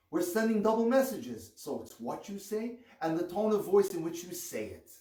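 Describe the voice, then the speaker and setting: A man giving an earnest rabbi's lecture on marriage, reading with expressive rises on key words. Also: a little high. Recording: echoey room, far from the mic.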